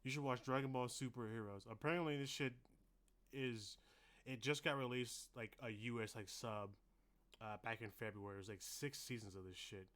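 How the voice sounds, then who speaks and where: A man in mid-range pitch chatting on a podcast with loose, profane energy. He gets animated and loud when he acts out quotes from shows. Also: moderate pace. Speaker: podcast co-host. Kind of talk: casual chat.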